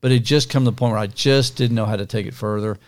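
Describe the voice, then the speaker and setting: A man's voice: on the low side, fairly even intonation, quick pace, darkish tone. An older man co-hosting a podcast, talking in a folksy, teasing way. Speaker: podcast co-host. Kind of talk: casual podcast chat.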